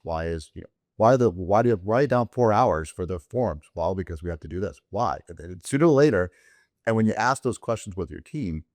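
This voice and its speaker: Deep-voiced male host, halting delivery, dry close sound. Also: expressive, darkish tone, dry recording. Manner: halting, many restarts. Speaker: podcast host. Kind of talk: conversational interview.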